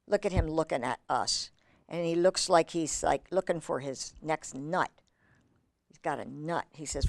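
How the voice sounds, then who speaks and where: A woman reading a picture book aloud to children, animated and exclamatory with chatty asides. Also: sits low, unhurried, gravelly, dry recording, clean studio sound. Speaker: children's storyteller.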